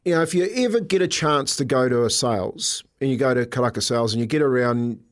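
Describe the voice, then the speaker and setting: Chatty older New radio host. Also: male voice, mid-range voice, quick pace. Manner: animated storytelling, many fillers and asides. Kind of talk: casual radio chat.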